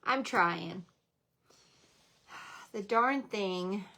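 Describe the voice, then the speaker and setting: A woman's voice: mid-range voice, extremely slow, bright, forceful tone. A middle-aged woman hosting a casual crafting livestream from home, chatting about her supplies, scolding herself for forgetting things and greeting viewers by name.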